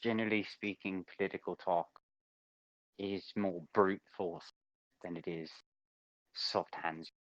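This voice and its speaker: A man in a casual group voice chat, arguing and teasing in an animated way. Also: low-pitched, measured pace, long pauses, dry recording, highs cut off. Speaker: debate participant.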